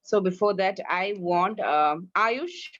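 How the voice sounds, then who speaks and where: A woman with an Indian English accent teaches English online, drilling students and correcting how they pronounce things. Her medium-pitched voice is a bit bright, with lively intonation and a slow pace. Captured on an online-class video call, the recording is dry and dull.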